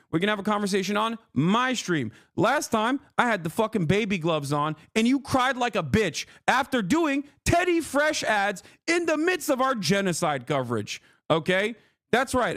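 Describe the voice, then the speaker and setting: A man's voice: high voice, fairly bright tone, no echo, studio quality. A man in an angry, confrontational on-stream rant, swearing often.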